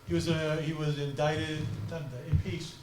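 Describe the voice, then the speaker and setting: A man giving a conference talk on crisis communications, speaking fast and passionately. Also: a little high, noisy background. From United States. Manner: fast, passionate, animated delivery. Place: auditorium. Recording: echoey auditorium from far off.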